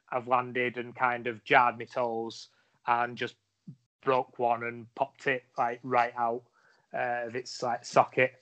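A man's voice: medium pitch, fairly bright tone. A man, a wrestler guest on a podcast, telling a long story with lots of fillers and restarts. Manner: rambling anecdotes with many fillers and restarts. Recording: dull lo-fi audio.

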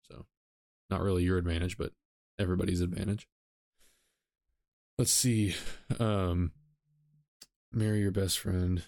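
A man's voice: deep voice, level tone, unhurried, long pauses, darkish tone, no room sound, studio quality. A man hosting a solo podcast, talking casually with frequent ums and self-corrections. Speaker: podcast host.

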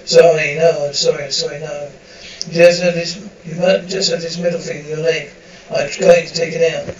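A man's voice: on the high side, level tone, moderate pace, close to an everyday voice. A man reading the lines of a frantic young woman who is trying to save a friend, in an urgent, pleading way. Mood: apologetic. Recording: roomy, distant, muffled recording.

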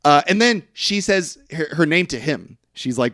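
Expressive and a bit bright, this young co-host chats casually about a movie's plot at normal speed. He rambles and acts out lines with pitch jumps, and the studio-quality recording is dry.

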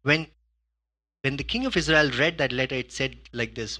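A man preaching a sermon as pastor, in a conversational way, with frequent "okay?" and "you know", swinging between hushed asides and loud bursts of emphasis. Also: on the high side, sing-song, normal speed.

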